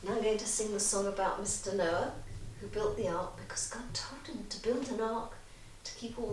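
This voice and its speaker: A woman leading songs and actions for toddlers in a church service, talking and singing with lively energy. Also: mid-range voice, normal speed, slight background noise. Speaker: children's church leader. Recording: echoey room from a distance with music.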